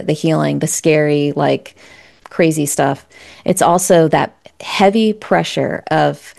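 A woman's voice: on the low side, vocal fry, a little mellow. A woman speaking as an interview guest, telling her story in a candid, earnest and reflective way, often restarting her sentences.

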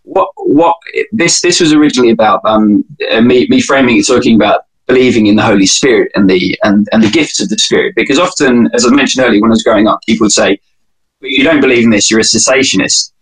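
Husky-voiced British man, wry and chatty. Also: medium pitch, fast talker, hardly any pauses, poor audio. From United Kingdom. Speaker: podcast guest. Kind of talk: casual conversational interview.

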